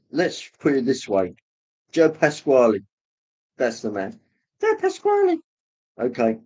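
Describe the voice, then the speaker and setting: A man hosting a livestream, casually rambling as he reads viewer comments, with many pauses and fillers. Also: medium pitch, darkish tone, breathy edge. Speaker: livestream host reading chat. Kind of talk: casual chat.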